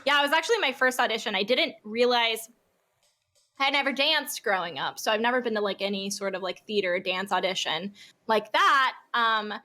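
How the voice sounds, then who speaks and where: A young woman in her twenties, a podcast guest, telling stories in casual chat, bubbly and quick to laugh, with lots of "like". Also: fairly high pitch, lively intonation, pushed and bright.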